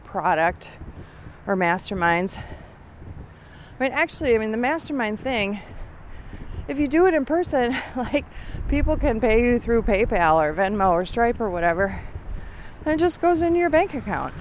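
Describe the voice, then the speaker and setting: A woman's voice: on the high side, lively intonation, moderate pace, slight background noise. Rambling middle-aged woman walking outdoors. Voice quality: weak lungs from years of smoking. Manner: rambling, thinking aloud with many fillers. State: out of breath from walking uphill. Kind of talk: casual walking vlog monologue. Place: outdoors on a walk.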